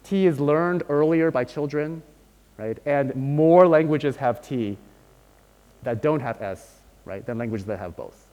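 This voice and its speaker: A man's voice: mid-range voice, a little slow, darkish tone, highs cut off. A man giving a university lecture, explaining step by step and often checking in with "right?". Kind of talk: academic lecture. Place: lecture hall. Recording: long hall reverb.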